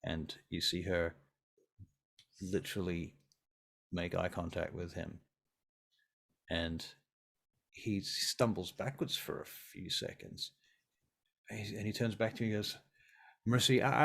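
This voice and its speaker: A man narrating as game master, relaxed and full of fillers. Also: sits low, a little slow, gravelly, long pauses.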